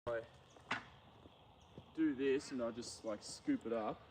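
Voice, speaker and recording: A relaxed man with an Australian accent talks casually into his phone outdoors in a paddock. He chats with viewers and speaks to the horses in a gentle, easygoing voice. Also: medium pitch, takes it slowly, noisy background. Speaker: livestreamer. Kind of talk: casual livestream chat.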